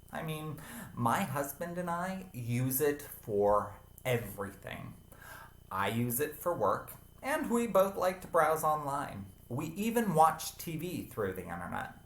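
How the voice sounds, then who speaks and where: A man in his late thirties hosting a handbag review vlog, chatty and expressive with sassy, playful asides. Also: fairly high pitch, echoey room, slight background noise. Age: 30s. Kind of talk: chatty scripted vlog talk.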